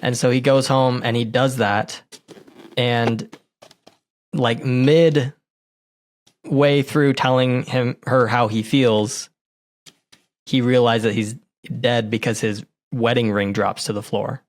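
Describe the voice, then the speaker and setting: A man's voice: mid-range voice, fairly even intonation, slow pace, pauses often. Man earnestly recapping a film. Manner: earnest, retelling plot scenes at length. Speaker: podcast co-host. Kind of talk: casual movie review chat.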